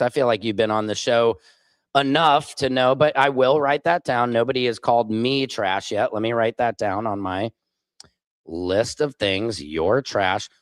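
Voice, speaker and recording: A man's voice: mid-range voice, no room sound. A man from the United States hosting a livestream. He rants heatedly about politics with a lot of swearing and answers viewers' comments as they come in. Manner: profane, heated, reads viewer comments aloud. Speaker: livestream host.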